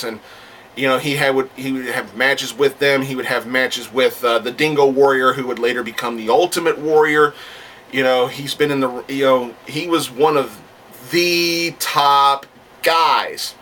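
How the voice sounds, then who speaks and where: Excitable rambling man, bright voice. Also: mid-range voice, far from the mic, a little hiss or hum. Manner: rambling, restarts, gets excited and swears. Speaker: wrestling fan vlogger. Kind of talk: casual talking-to-camera monologue.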